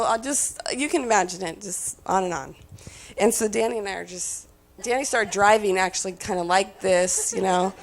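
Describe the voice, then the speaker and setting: A middle-aged woman tells a story about her family with a lot of energy, her voice gravelly with plenty of vocal fry. She sits at a middle pitch and slips into loud shouts when she plays the kids. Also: moderate pace. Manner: animated, acts out shouting kids and laughs along. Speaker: speaker sharing family stories. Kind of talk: storytelling talk.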